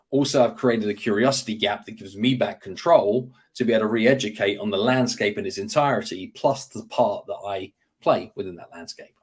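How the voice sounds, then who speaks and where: A man's voice: lowish voice, breathy edge. A man explaining persuasion techniques in an interview, confidently acting out sample phrases as he teaches. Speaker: guest speaker on persuasion.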